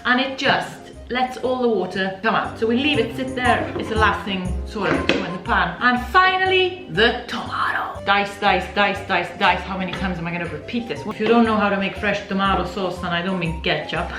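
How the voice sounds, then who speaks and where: A woman's voice: mid-range voice, lively intonation, brisk, hardly any pauses. A woman from Italy hosting a casual cooking demonstration in a home kitchen, chatty and slipping Italian words into her English. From Italy, grew up in Milan. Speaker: cooking video host. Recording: echoey kitchen with background music.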